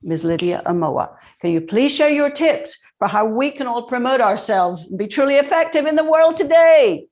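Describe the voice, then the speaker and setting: A woman's voice: a little high, animated, normal speed, hardly any pauses, darkish tone. A woman hosting an online motivational talk, introducing her guest with effusive, exclamatory praise. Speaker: host. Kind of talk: enthusiastic video call interview intro.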